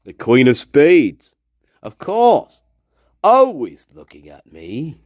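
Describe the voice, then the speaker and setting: A man's voice: on the high side, wildly swooping pitch, slow pace, darkish tone, dry recording, highs cut off. Giggly, rambling male streamer. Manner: giggly, profane, repeats phrases; drops to whispers at times. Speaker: livestream host. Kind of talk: rambling livestream monologue.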